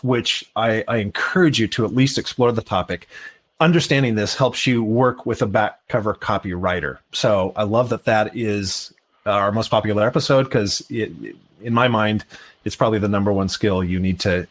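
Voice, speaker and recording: A man's voice: lowish voice, moderate pace. A man co-hosting a live podcast, talking enthusiastically and reading listener comments aloud. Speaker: podcast co-host. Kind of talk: casual live podcast chat.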